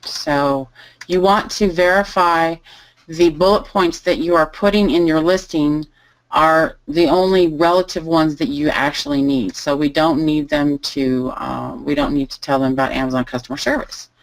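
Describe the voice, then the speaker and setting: A woman teaching a live online lesson, calmly thinking aloud as she types through each step. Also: low-pitched, moderate pace, creaky, low-quality recording. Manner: relaxed, thinking aloud while typing. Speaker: online selling instructor. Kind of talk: live screen-share tutorial.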